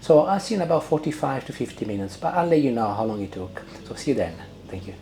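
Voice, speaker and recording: A man's voice: mid-range voice, sing-song, fast, vocal fry, dark tone. A man hosting his cooking channel, chatting casually to camera with lots of "uh" fillers while he cooks and tastes in a home kitchen.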